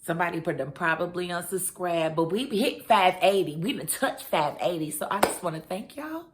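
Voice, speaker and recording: In a lowish voice at a moderate pace, a woman who reviews TV on her vlog chats through a drama episode in a casual, slangy recap spoken directly to her audience.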